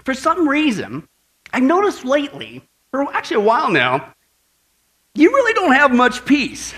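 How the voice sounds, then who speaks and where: Man voicing a smooth, wheedling devil; pitched high, bright and tense. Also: huge pitch swings, normal speed, heavily acted. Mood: coaxing. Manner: wheedling, falsely friendly. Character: sly tempting male devil, smooth-talking.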